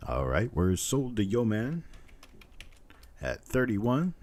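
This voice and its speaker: A man hosting a live coin auction, calling bids over and over in a steady chant. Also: mid-range voice, slow. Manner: repetitive bid-calling chant with playful tongue twisters. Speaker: auctioneer host.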